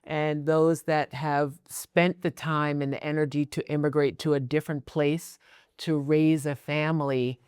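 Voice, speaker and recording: An American-accented host, born in the United States, leading a casual podcast interview. The host speaks in a thoughtful, measured way, with occasional fillers. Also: mid-range voice, flat delivery, a little mellow, clean tone, no echo, clean studio sound.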